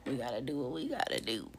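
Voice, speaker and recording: Gravelly-voiced woman chatting on a live stream. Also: rumbling low, noisy background. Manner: chatty, greets viewers by name, drifts into soft whispers. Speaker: illustrator live-streaming while coloring. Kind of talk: casual live-stream chat.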